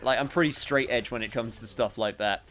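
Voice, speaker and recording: A man's voice: mid-range voice, a little fast, a bit bright. A man giving casual let's-play commentary while he plays, rambling and full of fillers. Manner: rambling, filler-heavy, self-interrupting. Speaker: gameplay commentator.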